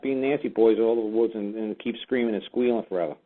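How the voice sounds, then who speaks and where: Blunt fast-talking man on a tinny line. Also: medium pitch, gravelly, background noise. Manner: blunt, lecturing, exasperated. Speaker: host of a call-in show. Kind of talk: heated call-in lecture. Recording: tinny phone-line audio.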